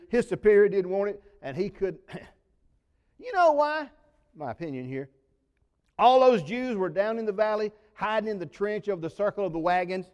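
Dramatic preacher in a hall. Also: male voice, high voice, clean tone. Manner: dramatic, acts out quoted voices, swings loud and soft. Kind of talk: sermon. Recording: long reverb of a large hall.

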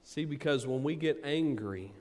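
A man preaching a sermon, swinging from booming emphasis to quiet asides. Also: lively intonation, moderate pace. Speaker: pastor. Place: church sanctuary. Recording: long hall reverb.

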